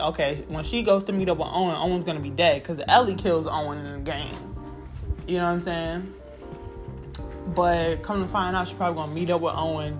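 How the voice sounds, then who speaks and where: A woman with a low, throaty voice rants casually about a game, swearing freely and sounding fed up. She keeps slipping into laughter as she vents, and faint music plays behind her. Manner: profane, exasperated, laughing ranting. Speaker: gamer reviewing a video game. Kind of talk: casual ranting vlog.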